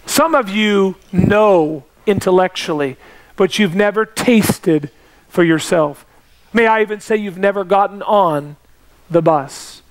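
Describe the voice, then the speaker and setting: High-pitched preaching pastor. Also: male voice, moderate pace. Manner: emphatic preaching with repetition and rising pitch. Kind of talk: sermon.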